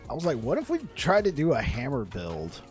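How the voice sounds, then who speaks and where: A man's voice: medium pitch, a little fast, faint music behind. Laid-back, chatty male streamer. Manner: excitable storyteller, laughs often, repeats words. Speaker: game streamer. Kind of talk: casual live-stream chat with viewers.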